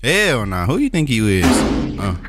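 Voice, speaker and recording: A young man trash-talking his opponent while commentating a basketball video game, with playful taunts and high yelps. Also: sing-song, moderate pace, very noisy. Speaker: YouTube gaming creator.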